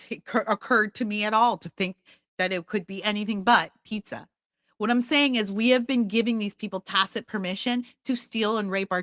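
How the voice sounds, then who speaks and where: A woman in her fifties hosting a podcast, giving impassioned, confrontational commentary that bursts into loud outbursts. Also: medium pitch, no room sound. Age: 50s. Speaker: podcast host.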